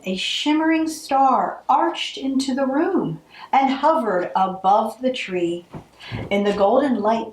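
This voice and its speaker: A woman reading a holiday picture book aloud, with expressive narration. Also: medium pitch, roomy sound, a little hiss or hum, low-quality recording. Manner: expressive, acts out the characters. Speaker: storybook reader.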